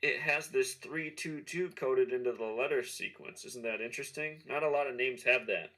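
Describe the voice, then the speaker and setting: Bright-voiced man explaining calmly. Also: medium pitch, normal speed, poor audio. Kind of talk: explanatory video commentary.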